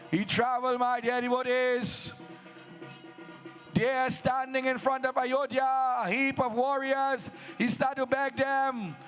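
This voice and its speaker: High-voiced man narrating devotionally. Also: little pitch movement, fairly bright tone, faint music behind. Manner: preacherly, drawn-out dramatic phrasing. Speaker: Ramleela narrator. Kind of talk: live devotional storytelling.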